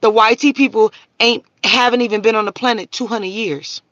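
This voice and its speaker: A woman's voice: a little high, fairly even intonation, a little fast, fairly bright tone, dry recording, lo-fi sound. A woman hosting a livestream, talking bluntly and profanely and answering viewers' comments in a preachy, casual rant. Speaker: livestream host.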